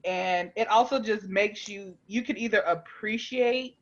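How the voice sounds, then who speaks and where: A woman in a mid pitch tells a heated story with emphatic casual chat. The recording sounds dull and lo-fi. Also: measured pace. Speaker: podcast co-host.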